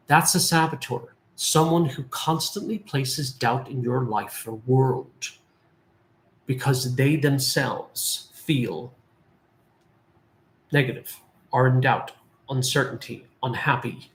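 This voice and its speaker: A man's voice: mid-range voice, slow. Earnest man giving a spiritual talk. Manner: earnest, repeats phrases for emphasis. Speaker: medium and life guide.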